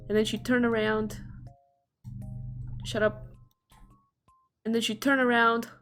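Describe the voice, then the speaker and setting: A young woman streamer telling a childhood story on stream, acting out the voices with gasps and loud jumps. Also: on the high side, little pitch movement, slow pace, pauses often, soft background music.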